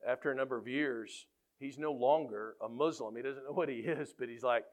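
A middle-aged man, a high school football coach, giving a faith-based storytelling talk in an animated way. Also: brisk. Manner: animated, gets loud when acting out quotes.

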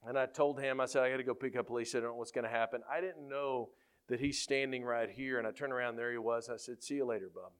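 Animated middle-aged football coach telling stories. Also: male voice, mid-range voice, fast, smooth. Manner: animated, gets loud when acting out quotes. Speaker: high school football coach. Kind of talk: faith-based storytelling talk.

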